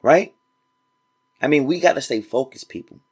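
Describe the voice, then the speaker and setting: A man delivers a motivational podcast monologue in casual, informal speech. He preaches directly to his listeners and repeats phrases for emphasis. His voice sits at an ordinary middle pitch. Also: normal speed, darkish tone, slightly rough. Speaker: podcast host.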